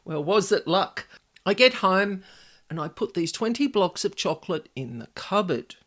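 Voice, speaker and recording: A woman's voice: on the low side, animated, normal speed, a bit bright. An Australian woman hosting a solo podcast, telling a chatty personal anecdote and acting out her own inner voices. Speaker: podcast host, paranormal specialist. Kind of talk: casual solo podcast storytelling.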